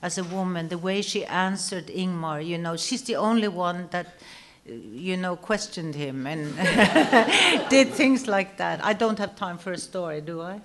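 An older actress telling a stage anecdote to an audience, acting out quoted lines and laughing often. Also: female voice, lowish voice, lively intonation, measured pace, fairly bright tone. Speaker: guest actress telling a story.

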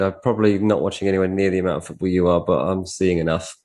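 Low-voiced man in teasing football banter. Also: flat delivery, fast, darkish tone. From England. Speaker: podcast co-host, transfer pundit. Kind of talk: casual football podcast chat.

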